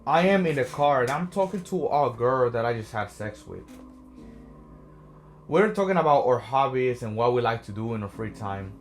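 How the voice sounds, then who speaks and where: A man's voice: mid-range voice, expressive, moderate pace, slight background noise. A young man from America, talking as a motivational vlogger, earnest and often asking "right?". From Latin America. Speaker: social anxiety coach. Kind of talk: motivational vlog talk.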